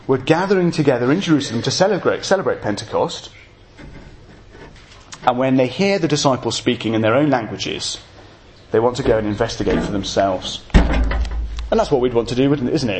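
A man's voice: mid-range voice, background noise. A man preaching an evening sermon, explaining scripture with jokey asides to his congregation.

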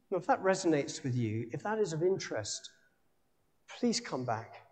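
A man preaching a sermon, emphatic, with dramatic pauses and rising exclamations. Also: on the high side, very animated, darkish tone. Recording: long hall reverb.

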